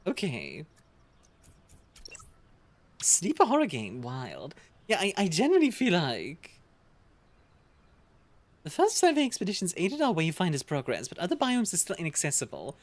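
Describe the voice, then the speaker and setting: Lively low-voiced woman streamer. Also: moderate pace, long pauses. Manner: animated, reads game text aloud and reacts. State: coughing. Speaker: streamer playing a strategy game. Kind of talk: casual gameplay chat.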